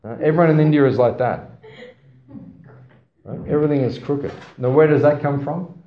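A man's voice: a little high, normal speed, a little hiss or hum. A man giving a scripture class to a small audience. He tells stories, asks the audience questions, and makes playful asides. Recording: roomy, slightly dull sound.

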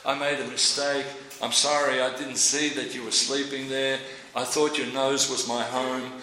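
Man doing timid little mouse, begging, apologetic, crisp bright tone, roomy echo. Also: mid-range voice, little pitch movement, normal speed, slight background noise, lightly acted. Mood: pleading. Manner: apologetic, pleading. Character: small pleading male mouse begging a lion.

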